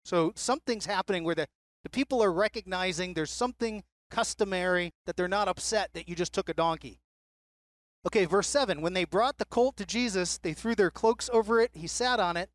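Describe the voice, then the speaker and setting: Bible class teacher, conversational, rhetorical questions, mid pitch, dry close sound. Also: dry recording.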